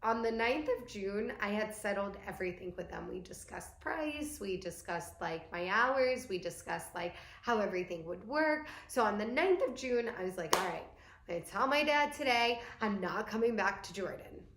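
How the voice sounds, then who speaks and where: A woman's voice: mid-range voice, animated, moderate pace, fairly bright tone. A young woman vlogger telling a candid, emotional personal story in casual speech with many fillers. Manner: candid, tearful storytelling with frequent "like". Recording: echoey room.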